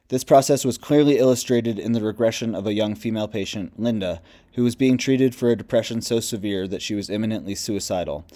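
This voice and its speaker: A man reading a nonfiction book aloud in a measured, even narration. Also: lowish voice. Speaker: audiobook reader.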